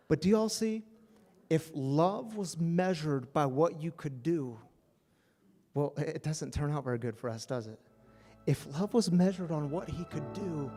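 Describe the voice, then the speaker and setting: A man pastor preaching an animated, conversational sermon. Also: fairly high pitch, measured pace, in a large hall, faint music behind.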